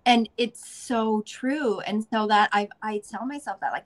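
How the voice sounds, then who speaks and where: A woman's voice: medium pitch, expressive, a bit bright. A woman from the Midwestern US, a guest chatting casually in an interview, upbeat and goofy, laughing often. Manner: goofy, upbeat, talks in quick bursts with laughs.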